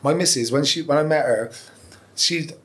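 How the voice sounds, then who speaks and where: A man's voice: fairly high pitch, moderate pace, fairly bright tone. A man, telling his story as a podcast guest, candid and profane, rambling with restarts. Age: 40s. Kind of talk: casual interview storytelling.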